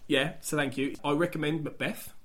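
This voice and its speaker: A man's voice: fairly high pitch, fairly even intonation, a little fast, fairly bright tone, a little hiss or hum. A man hosting a podcast, chatting casually and teasing his guest with a laugh. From English Midlands. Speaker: podcast host.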